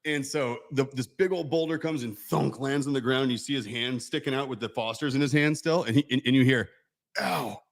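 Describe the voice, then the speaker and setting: A man's voice: mid-range voice, a little fast, few pauses. Wry storytelling male co-host. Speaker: co-owner and co-host. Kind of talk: casual chat.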